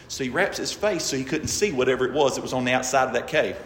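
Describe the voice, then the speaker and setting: A man preaching a sermon with emphasis, swinging from shouts to very quiet passages. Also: expressive, fast, distant mic, a little hiss or hum. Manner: emphatic, rising to shouts then dropping very low. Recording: echoey hall with long reverb.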